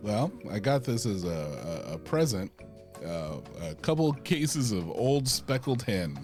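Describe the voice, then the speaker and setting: A man's voice: fairly low pitch, sing-song, a little slow, music in the background. A man co-hosting a pop culture podcast in casual chat, rambling with dry, self-deprecating jokes. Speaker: podcast co-host.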